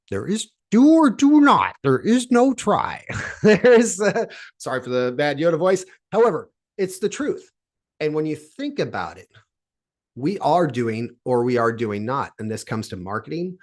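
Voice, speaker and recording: A man from Seattle giving an energetic, emphatic motivational talk at a virtual summit, asking the audience questions as he goes. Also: medium pitch. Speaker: speaker.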